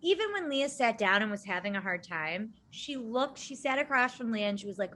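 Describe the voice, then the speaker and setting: A woman co-hosts a casual podcast conversation. Her voice sits high and sounds bright and forceful. She talks emphatically, with a ring of indignation. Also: lively intonation, a little fast, hardly any pauses, slight background noise. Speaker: podcast co-host. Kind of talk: casual chat.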